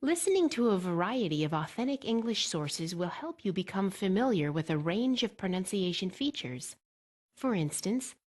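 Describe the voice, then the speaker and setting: A woman reading a scripted exam-preparation lesson in a clear, measured way, slowing down to model example words. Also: medium pitch, darkish tone. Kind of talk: scripted instructional narration.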